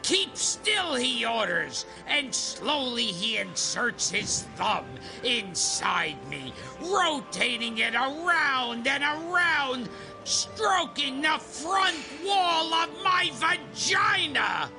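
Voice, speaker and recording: A man with a grating, gravelly voice reading an erotic novel deadpan for an audiobook ad. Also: extremely high pitch, slow pace. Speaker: audiobook reader in an ad. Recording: music bed behind the reading. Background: music.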